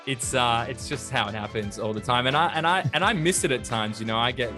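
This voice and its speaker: A man's voice: medium pitch, fairly quick, over music. Australian man hosting a business podcast. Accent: Australian, softened by years in the US and UK. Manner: friendly, uses "mate", casual fillers. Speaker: podcast host. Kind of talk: interview podcast.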